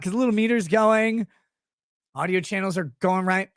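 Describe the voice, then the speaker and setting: A man's voice: high-pitched, moderate pace, no echo, studio quality. A man hosting a livestream, ranting in a rambling, sarcastic and profane way into a desk microphone. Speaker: show host. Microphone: streaming desk microphone.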